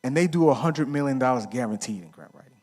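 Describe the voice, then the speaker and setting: Fast and lively in intonation, this middle-aged man's mid-range voice has a slightly mellow quality. He's speaking at a men's conference in a relaxed, story-driven way, asking the audience things and answering on their behalf, peppered with slang and fillers like "right?"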